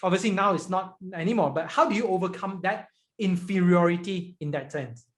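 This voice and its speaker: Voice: mid-range voice, brisk. Earnest podcast host in roomy echo. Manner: earnest, repetitive, tags questions with "right?". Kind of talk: podcast interview questions.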